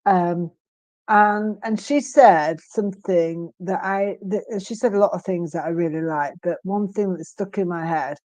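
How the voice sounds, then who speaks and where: A woman in her fifties, a guest in an interview, speaking earnestly and emphatically with frequent pauses and restarts. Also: lowish voice, a little mellow, no room sound. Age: 50s. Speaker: guest, stroke survivor. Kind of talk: candid interview conversation.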